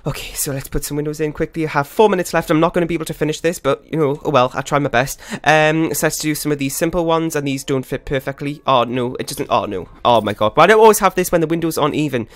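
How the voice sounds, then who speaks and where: A man's voice: on the high side, fast talker, few pauses, no room sound. A man hosting his own gaming channel, giving flustered, rambling, self-critical live commentary while he plays. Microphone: desktop USB microphone.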